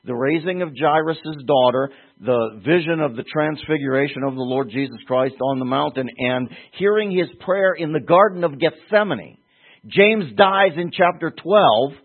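A man's voice: a little high, lively intonation, moderate pace. A man preaching a Bible-teaching sermon in a conversational, emphatic way, asking rhetorical questions. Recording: tinny phone-like sound.

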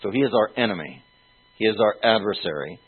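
A man preaching an expository sermon, teaching slowly and deliberately with pauses and fillers. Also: lowish voice, animated, breathy edge. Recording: tinny phone-like sound.

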